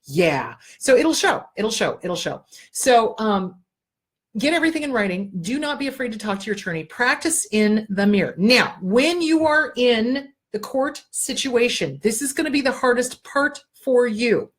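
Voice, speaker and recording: A woman's voice: fairly high pitch, expressive, normal speed. Blunt, emphatic woman giving advice. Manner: blunt, emphatic, swears freely, repeats for emphasis. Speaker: host. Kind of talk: advice talk show.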